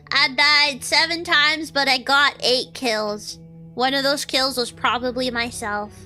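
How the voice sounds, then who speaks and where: A woman's voice: high voice, unhurried, soft background music. A woman streaming a shooter game, chatting casually, swearing and yelping at the action. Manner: excitable, swears and yelps at the game.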